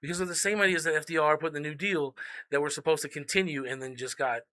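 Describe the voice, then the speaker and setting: A man's voice: a little high, fairly even intonation, fast, bright, forceful tone. A middle-aged man co-hosting a casual podcast, rambling and profane, laughing often. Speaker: podcast co-host.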